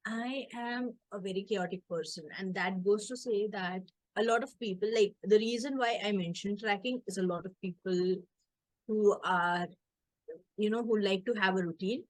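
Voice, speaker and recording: A chatty woman hosts an online workshop in a mid-range voice, animated and jokey, often slipping into playful voices for her family. The sound is dry and close. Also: mid-range voice, normal speed, no room sound, rough recording. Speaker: coach and community host. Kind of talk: casual workshop chat.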